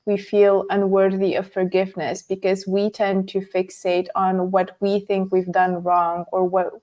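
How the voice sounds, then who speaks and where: A woman hosts an interview and puts long, careful questions to her guest. Her voice is mellow and quite flat in pitch, and she speaks in a gentle, measured way. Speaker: interview host.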